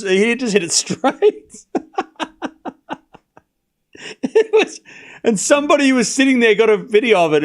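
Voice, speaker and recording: A man hosting a live tennis watchalong stream, chatting casually and laughing often, then calling points in a quieter play-by-play. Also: sits high.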